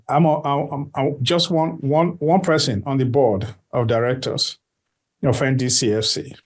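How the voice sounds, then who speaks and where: A man answering interview questions at an unhurried, steady pace. He lays out his points deliberately and circles back to repeat key phrases so they stick. His voice sits at an ordinary male pitch. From Nigeria. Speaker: guest, diaspora organization board member.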